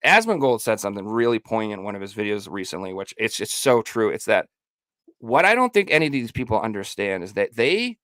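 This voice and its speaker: A man's voice: lowish voice, fairly bright tone, dry recording. A man hosting a podcast, ranting heatedly and profanely in casual talk, now and then mocking people in made-up quotes. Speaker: podcast host.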